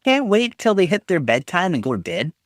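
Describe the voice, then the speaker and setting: Teasing man with a lively voice. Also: high voice, a little fast, no room sound, studio quality. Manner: animated, teasing, jokey banter with chat; reads chat messages aloud and reacts. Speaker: live streamer. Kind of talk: casual live-stream chat.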